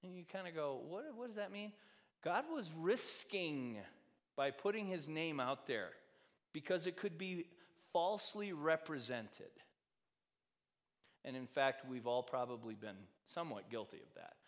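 A man preaching a sermon in a conversational way, asking the congregation many rhetorical questions and swinging between loud and soft. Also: fairly high pitch, lively intonation, measured pace. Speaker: pastor. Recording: long hall reverb.

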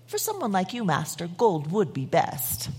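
A woman's voice: fairly low pitch, wildly swooping pitch, moderate pace, a little mellow, husky, exaggerated voice. A woman voicing a boastful gold vessel in a rhyming devotional poem, her own voice lightly shaped.

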